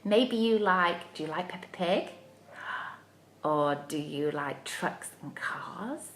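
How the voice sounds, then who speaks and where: Animated sing-song woman leading kids' activity. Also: lowish voice, slow pace, echoey room, a little hiss or hum. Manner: animated, sing-song, encouraging, talks to young children. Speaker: children's activity leader. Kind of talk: live interactive kids' playalong. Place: home room, livestream.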